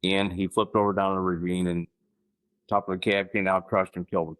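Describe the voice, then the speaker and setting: Male guest, 50s, from Missouri, low voice; halting personal storytelling with restarts and throat-clearing. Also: level tone, a bit bright, poor audio. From Missouri, United States. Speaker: podcast guest.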